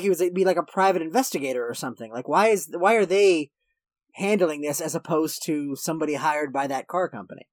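Rambling, slightly high-voiced podcast guy. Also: no echo, clean studio sound. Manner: rambling, self-correcting, laughs while recapping. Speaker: podcast co-host. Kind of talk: casual podcast chat about a movie.

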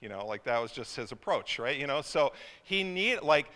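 A man's voice: medium pitch, very animated, normal speed, pushed and bright. A male pastor preaching a sermon, telling a family story in a loose, conversational way with many fillers and restarts. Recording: long hall reverb.

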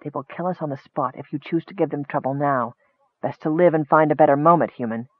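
A man voicing a wary male half-elf prisoner who speaks in a hushed, urgent mutter. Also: on the high side, normal speed, no echo, lightly acted. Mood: hushed warning. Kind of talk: audiobook character voice. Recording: thin phone-like dry sound.

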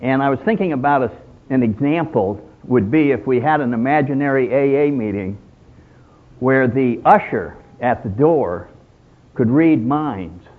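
A man's voice: mid-range voice, lively intonation, measured pace. A man speaking at a recovery meeting in a conversational storytelling way. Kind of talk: personal talk with told jokes. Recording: tinny phone-like sound.

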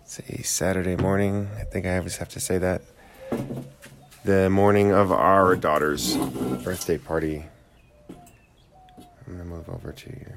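A man's voice: low-pitched, fairly even intonation, measured pace, gravelly, long pauses, background noise. A young man co-hosting a casual home podcast, rambling and hesitant with lots of fillers. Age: young adult. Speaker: podcast co-host. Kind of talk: casual chat. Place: home room with squeaky chairs.

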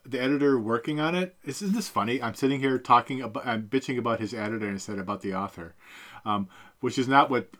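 A man's voice: mid-range voice, fast talker, a bit bright. A middle-aged man co-hosting a podcast, chatting casually about a book, rambling with many fillers and self-corrections. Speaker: podcast co-host. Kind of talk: casual book-review chat.

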